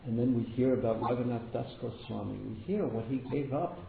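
Gravelly man telling devotional stories. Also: mid-range voice, a little fast. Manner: warm storytelling, laughs often, repeats words for emphasis. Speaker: spiritual teacher. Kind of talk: devotional talk with storytelling. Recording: echoey room over a tinny phone-like line with background noise.

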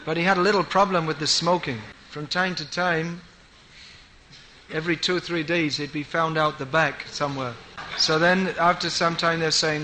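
Male preacher, emphatic storytelling sermon, slightly high, bright tone. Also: fairly even intonation, moderate pace, slight background noise, rough recording. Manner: emphatic storytelling, repeats for stress.

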